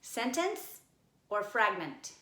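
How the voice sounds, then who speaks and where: A woman's voice: mid-range voice, sing-song, takes it slowly, bright, forceful tone, roomy sound. A woman teacher giving a recorded grammar lesson, coaxing and addressing her class directly.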